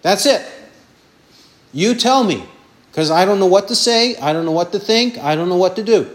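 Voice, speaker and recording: A man's voice: high voice, animated, normal speed. A man preaching a sermon, asking questions and answering them himself, stressing points with repeated lists of words.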